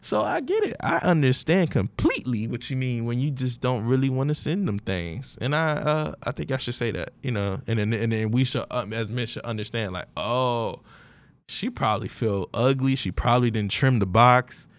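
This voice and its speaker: Man, New Orleans accent, podcast host, casual joking monologue, mid-pitched voice, dry room. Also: big pitch swings, no room sound. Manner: laid-back, joking, laughs often, drawn-out slang.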